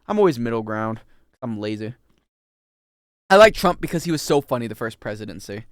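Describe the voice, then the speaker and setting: A man's voice: fairly quick, no room sound, clean studio sound. A young man streaming a video game, rambling and joking casually with his chat. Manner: rambling, joking, animated swings in pitch.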